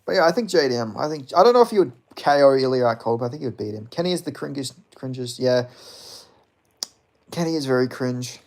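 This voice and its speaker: A man's voice: mid-range voice, animated, fast talker, darkish tone. A man in his twenties chatting casually with his live-stream audience, rambling and swearing as he reads chat. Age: 20s. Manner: profane, rambling, laughs often.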